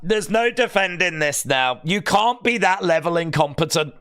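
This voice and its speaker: A man hosting a live watch-along stream, reacting excitably to the action and reading out viewer chat messages. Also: on the high side, moderate pace, few pauses, clean tone. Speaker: livestream host.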